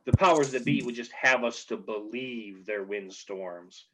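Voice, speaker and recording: A man's voice: mid-range voice, fairly bright tone. A man doing a sly, conspiratorial barmaid. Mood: knowing. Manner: slow, knowing, conspiratorial. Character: young barmaid, sly conspiracy-minded woman. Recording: dull lo-fi audio.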